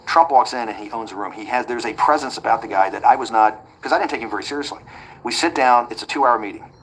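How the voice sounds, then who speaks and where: A man being interviewed, telling a long anecdote quickly and acting out the quoted back-and-forth. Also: mid-range voice, a bit bright, breathy edge, rough recording. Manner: rapid anecdotal delivery that acts out quoted dialogue. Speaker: interview guest. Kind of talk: storytelling in a conversational interview.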